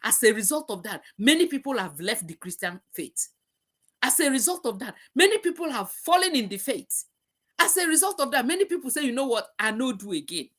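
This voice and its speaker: Hosting an emotional live-stream talk, a middle-aged woman preaches passionately, repeating herself. Her voice is on the high side with a fairly bright tone.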